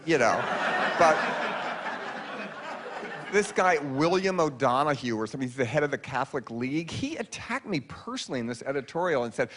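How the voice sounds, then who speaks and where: A man, telling wry deadpan stories in a stand-up monologue in front of a live audience. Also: normal speed, long pauses. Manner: wry, deadpan storytelling with sudden high-pitched quoted voices. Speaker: comedian telling stories on stage. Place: live lecture hall with audience.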